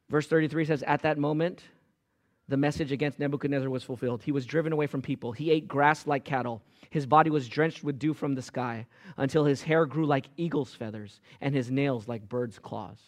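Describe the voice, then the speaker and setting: A man preaching a sermon as pastor, emphatic, swinging from loud rises to quiet drops. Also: mid-range voice, fairly quick. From Los Angeles area.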